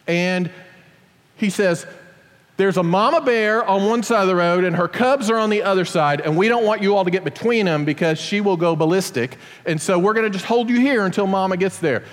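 A middle-aged father telling a personal story to an audience in an animated, self-deprecating way. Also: high voice, fairly quick, in a large hall.

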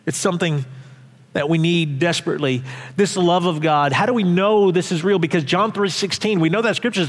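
A man's voice: high-pitched, brisk. A male pastor delivering an emphatic, conversational sermon in a church hall with long reverb. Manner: animated, emphatic, conversational preaching.

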